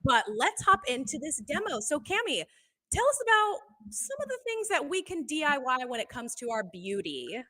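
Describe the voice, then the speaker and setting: High, bright-voiced woman TV host. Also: big pitch swings, moderate pace. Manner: upbeat, presenter-like delivery. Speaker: TV show host. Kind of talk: live TV hosting.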